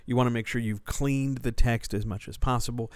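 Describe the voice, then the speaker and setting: A man's voice: medium pitch, steady tone, fairly quick, darkish tone, smooth, no echo. A man who works as a writing coach and editor, answering listener questions in a casual podcast, talking things through with fillers and restarts. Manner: conversational, explanatory, with fillers and restarts.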